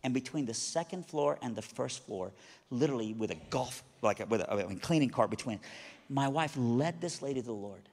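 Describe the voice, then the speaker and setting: A man's voice: mid-range voice, lively intonation, brisk, darkish tone. A man preaching, telling a story with animation and frequent stammered restarts. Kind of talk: sermon storytelling. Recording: long hall reverb.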